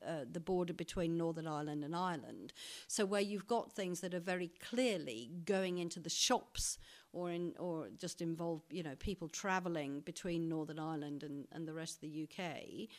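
A woman ambassador answering interview questions in a measured, diplomatic way, with frequent ums and careful restarts. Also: lowish voice.

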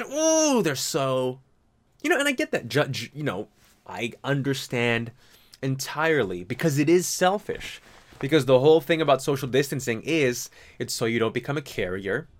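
A young man in a casual comedic monologue, rambling and animated, swearing, slipping into mock voices and laughing at his own jokes. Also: medium pitch.

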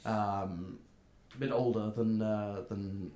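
A man narrating as game master of a tabletop game, talking haltingly with many fillers. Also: fairly low pitch, fairly even intonation, warm tone. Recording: roomy echo.

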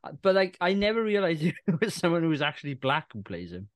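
A man's voice: a little high, big pitch swings, fast, no room sound, studio quality. A man co-hosting a casual film chat, rambling and restarting his sentences, laughing as he goes. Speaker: podcast co-host.

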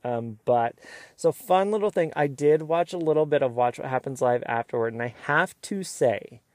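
A man hosting a casual, opinionated recap of a reality show, sometimes mimicking the cast in quick asides. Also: mid-range voice, no echo. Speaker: recap host.

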